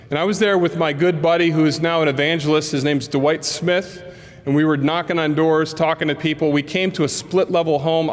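A man preaching a sermon in a church, telling stories and acting out the voices of people in them. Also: fairly high pitch. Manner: animated storyteller acting out dialogue. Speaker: pastor. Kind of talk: sermon storytelling. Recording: long reverb of a large hall.

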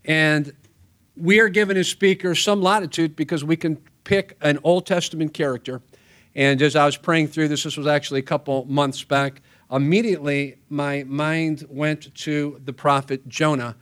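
A man's voice: on the high side, steady tone, moderate pace, a bit bright. A middle-aged man preaching a sermon in a chapel, conversational and storytelling with wry asides.

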